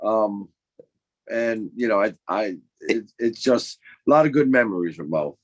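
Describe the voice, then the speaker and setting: Soft-spoken man reminiscing. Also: lowish voice, lively intonation, a little slow, a little hiss or hum. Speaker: podcast co-host. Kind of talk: reminiscing tribute.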